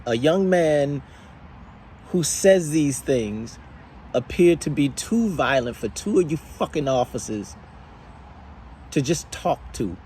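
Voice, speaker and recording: Angry man in a slow, profane monologue. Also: on the high side, animated, darkish tone, slight background noise. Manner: angry, profane, speaks in slow deliberate phrases. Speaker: vlogger. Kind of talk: impassioned spoken monologue.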